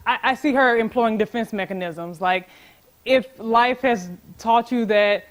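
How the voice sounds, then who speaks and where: A woman's voice: a little high, measured pace. A young woman giving a casual, chatty class presentation, full of fillers and laughs. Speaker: student presenter. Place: lecture classroom.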